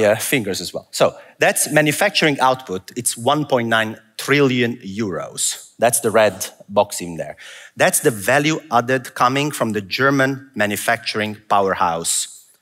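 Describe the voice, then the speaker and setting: In a reverberant event hall, a man with an Italian accent presents at a conference as a macro analyst, keeping things chatty and poking fun at himself. His voice sits at medium pitch and is a bit bright.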